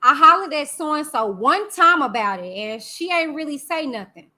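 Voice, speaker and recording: Sassy high-voiced woman streamer. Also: expressive, moderate pace, pushed and bright. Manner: sassy, chatty, talks back to chat. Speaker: YouTube host. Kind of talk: casual live-stream commentary.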